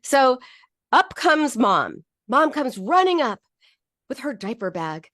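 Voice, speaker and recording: A woman's voice: sits high, takes it slowly, no room sound, clean studio sound. A woman psychologist hosting a talk, explaining feelings in a casual teaching monologue and acting out quoted voices. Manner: animated, acts out quoted voices, frequent restarts. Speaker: psychologist and podcast host.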